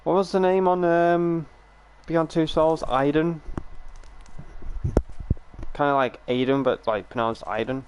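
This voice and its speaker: A man's voice: on the high side, steady tone, slow, long pauses, clear, resonant tone. A man streaming a game, chatting casually with viewers in a rambling way, full of fillers and restarts. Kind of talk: casual live-stream chat while gaming.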